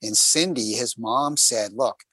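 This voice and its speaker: This man's voice is medium-pitched and dry, delivered at a moderate pace without any room sound. As a radio show host on a cycling trip, he chats casually on air, an animated, rambling storyteller who acts out the quotes.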